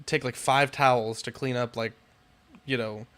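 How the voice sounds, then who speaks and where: A man's voice: medium pitch, fairly even intonation, normal speed, fairly bright tone. Young man, podcast co-host, casual storytelling, frustrated and profane. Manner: exasperated, swears a lot, rants with rising outbursts.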